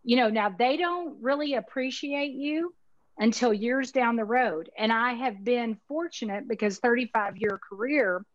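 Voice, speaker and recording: Here an insurance marketing organization owner in her fifties, with a Texas accent, talks in a medium-pitched voice as a casual interview guest. Her manner is folksy, emphatic, and chatty with Southern sayings. The recording is muffled and has no room sound.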